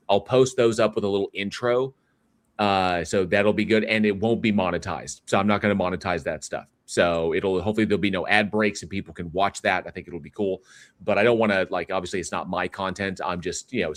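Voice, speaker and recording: A man's voice: low-pitched, dry recording, studio quality. A man hosting a livestream, chatting casually in a rambling way, reading viewer comments aloud and often restarting his sentences with fillers. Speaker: livestream host.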